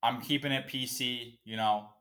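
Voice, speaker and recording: A man's voice: mid-range voice, fairly even intonation, normal speed, bright, forceful tone. A man hosting a casual solo podcast, ranting in a profane, emotional, fired-up way. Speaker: podcast host.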